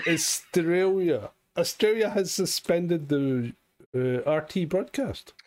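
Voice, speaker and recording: A man's voice: on the high side, expressive, slow pace, darkish tone. A man co-hosting a casual podcast chat, blunt and swearing freely. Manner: blunt, swearing, laughing at own jokes. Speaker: podcast co-host.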